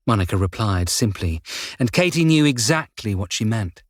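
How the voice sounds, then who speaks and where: This is scripted narration of a crime novel by a man whose reading voice is steady, measured, and on the low side. The studio-quality recording is dry, and he works as an audiobook narrator.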